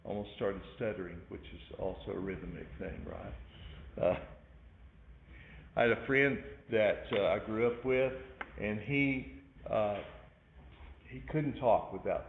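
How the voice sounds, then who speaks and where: A man's voice: on the low side, vocal fry. A man teaching an art class, recapping in a rambling way with many fillers and asides. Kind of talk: recorded lecture recap. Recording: echoey room over a tinny phone-like line with faint noise.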